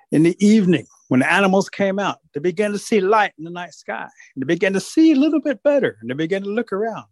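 A man telling a folktale aloud with rhythmic repetition and animated delivery. His voice is slightly high. The recording is dry and close with little room sound. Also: dry recording. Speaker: storyteller. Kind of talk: oral folktale storytelling.

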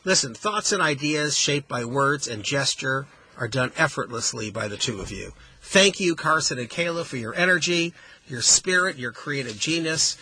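A man hosting a radio show from a studio, interviewing students in an expressive, emphatic and playfully teacherly way. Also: mid-range voice, moderate pace, slight background noise, low-quality recording.

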